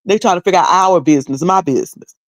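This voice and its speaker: A woman's voice: on the low side, fast talker, no room sound. A middle-aged woman giving loose, candid commentary on a video, rambling and often repeating herself. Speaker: online commentator.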